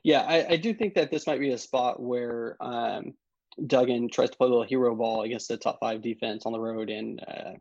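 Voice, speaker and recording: A man co-hosting a college sports podcast, working through numbers in a measured, analytical way. His voice comes through a dull, slightly lo-fi remote mic. The sound is dry, with no room around it. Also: mid-range voice, fairly even intonation, a little mellow, dry recording. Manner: measured, stat-heavy analysis. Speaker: podcast co-host.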